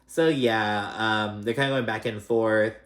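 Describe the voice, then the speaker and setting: A man's voice: lowish voice, steady tone, measured pace, fairly bright tone. A man giving a casual, gossipy reality TV recap, chatty and profane with plenty of fillers. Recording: roomy echo.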